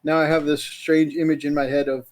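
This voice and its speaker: A man co-hosting a casual live-stream chat, jokey and quick to laugh. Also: a little high, level tone, darkish tone. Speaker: podcast co-host.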